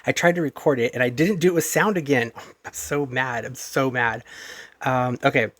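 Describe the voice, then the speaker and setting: A man's voice: medium pitch, moderate pace, fairly bright tone, no echo. A man casually recounting events to a few friends, rambling with lots of fillers and quoting others' words. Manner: rambling, filler-heavy retelling with quoted dialogue. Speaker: vlogger.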